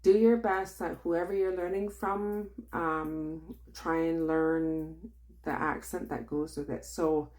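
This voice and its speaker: A woman with a thick Kwak̓wala-influenced English accent, teaching in a casual vlog, unhurried and loose with plenty of fillers. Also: low voice, fairly even intonation, darkish tone. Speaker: language teacher.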